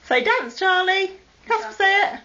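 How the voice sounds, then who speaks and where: A woman's voice: extremely high pitch, expressive, a little slow, sharp tone, slight background noise. A woman doting on her pet parrots at home in playful, coaxing baby talk, heard through dull lo-fi home video sound. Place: living room at home with perched parrots.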